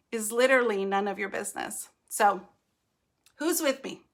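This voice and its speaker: A woman in her thirties hosting a motivational live video for mothers, chatty and animated, often checking in with "right?". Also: a little high, normal speed. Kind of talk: motivational casual talk.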